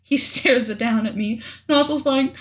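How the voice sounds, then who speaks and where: A young adult woman streaming a story game, reading it aloud and joking through animated reactions. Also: a little high, measured pace. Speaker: streamer reading a visual novel.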